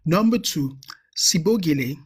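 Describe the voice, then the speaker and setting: A man's voice: fairly high pitch, expressive, unhurried, breathy edge. A man with a Nigerian accent, a guest arguing on an online video-call panel, insistent and repeating himself. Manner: insistent, talks over others, repeats himself. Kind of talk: heated online panel debate.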